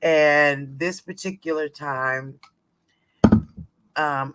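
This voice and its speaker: Man, higher-pitched voice, slow delivery, chatty personal storytelling, lots of fillers. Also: bright, forceful tone, clean tone, dry recording. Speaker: vlogger.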